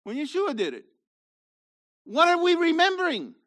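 A male congregation leader preaching with a high, lively voice that swoops up and down. He questions his listeners directly and presses his points with emphatic force. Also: moderate pace. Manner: animated, rhetorical questions to congregation, rises to emphatic shouts. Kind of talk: sermon.

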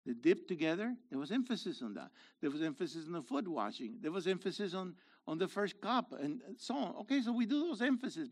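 A middle-aged man preaching a sermon in a loose, conversational way, swinging from loud to quiet. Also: a little high. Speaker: pastor.

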